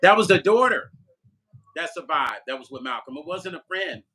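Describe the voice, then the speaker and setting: A man's voice: fairly high pitch, lively intonation, moderate pace, sharp tone, breathy edge. An older man vlogging live and chatting loosely with viewers, joking and talking straight to his chat. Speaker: musician vlogger. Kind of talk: casual livestream chat reading viewer comments.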